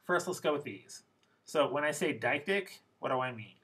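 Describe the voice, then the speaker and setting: A man's voice: on the high side, expressive, normal speed, sharp tone, low-quality recording. A man teaching English pronunciation in a recorded lesson, explaining patiently and step by step.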